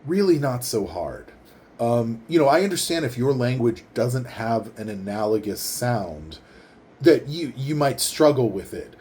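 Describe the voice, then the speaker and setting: A man casually explaining how to pronounce his name, leaning in to the microphone and enunciating slowly and carefully. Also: mid-range voice, sing-song, warm tone, a little hiss or hum. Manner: enunciates carefully, repeats words slowly syllable by syllable. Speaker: vlogger teaching name pronunciation. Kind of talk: casual explanatory talk to camera. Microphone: leans in toward microphone.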